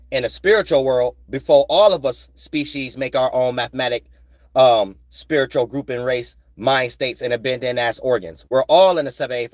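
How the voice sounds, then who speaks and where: A man's voice: mid-range voice, no echo. A man giving a rambling spiritual monologue, profane and streetwise, repeating phrases and constantly asking if you follow him. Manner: profane, streetwise, keeps asking "you know what I'm saying"; repeats phrases in sing-song bursts. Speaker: spiritual vlogger.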